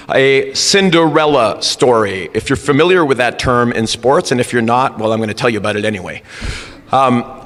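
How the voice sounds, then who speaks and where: A man coaching rugby, telling a funny story in a lively way at a school assembly. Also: mid-range voice. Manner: humorous, animated storyteller. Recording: reverberant hall with faint background noise.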